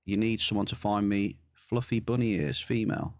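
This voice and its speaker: A man's voice: on the low side, moderate pace, a little mellow, dry recording, studio quality. A man streaming a game, chatting casually and answering his viewers. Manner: chatty, reads and answers chat. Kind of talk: casual gaming stream chat.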